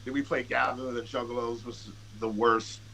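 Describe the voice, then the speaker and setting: A man with a bright, forward voice spins loose, profane stories as a podcast guest, often restarting mid-sentence and slipping into quoted dialogue. His talk is casual and unpolished, full of fillers, with a faint hiss of background noise. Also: medium pitch, flat delivery, a little fast, vocal fry, low-quality recording. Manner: restarts and filler-heavy delivery. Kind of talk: casual storytelling.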